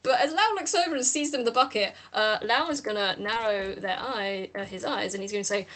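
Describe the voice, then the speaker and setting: A woman's voice: medium pitch, fairly quick, hardly any pauses, fairly bright tone, slight background noise. A woman running a tabletop game as game master, narrating in a rambling way with many fillers.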